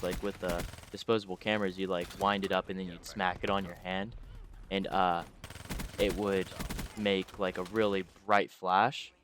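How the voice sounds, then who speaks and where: A man's voice: low-pitched, a bit bright, a little hiss or hum. A man casually telling a personal story, rambling with many fillers and restarts.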